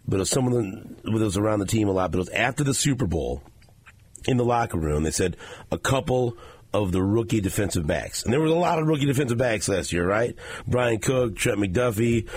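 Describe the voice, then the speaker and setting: A male radio host tells a story in loose, rambling talk and keeps restarting his sentences. His voice is low with a husky edge. He is chatting on sports radio. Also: darkish tone.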